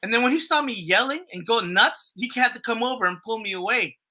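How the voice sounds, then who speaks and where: A man chatting on a podcast, spinning a story in loose, rambling fashion. His voice is very bright, and he swears freely and leans on fillers and restarts. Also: very high voice, fairly quick. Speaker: podcast co-host. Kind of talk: casual storytelling chat.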